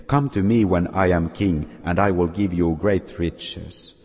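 Storybook villain king, male, cold and commanding, deep husky voice with long reverb, read by a man. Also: fairly even intonation, measured pace, darkish tone, full character voice. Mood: scheming. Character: scheming ungrateful prince turned cruel king.

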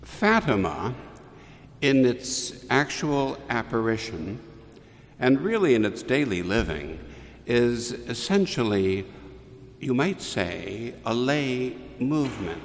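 A man preaching a homily, telling a story in a measured way with restarts and pauses. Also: mid-range voice, big pitch swings, long reverb tail. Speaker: priest.

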